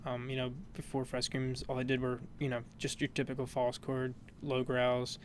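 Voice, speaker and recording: A man's voice: medium pitch, completely flat delivery, normal speed, a little hiss or hum. A man explaining a vocal technique in a casual, rambling tutorial, full of fillers and "you know".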